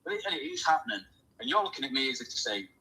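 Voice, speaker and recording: A man with a husky, slightly breathy voice, hosting a relaxed chat. He tells a story with lively energy and slips into the voices of the people in it. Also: medium pitch, very fast, rough recording. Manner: animated storyteller, acts out quoted voices. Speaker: host.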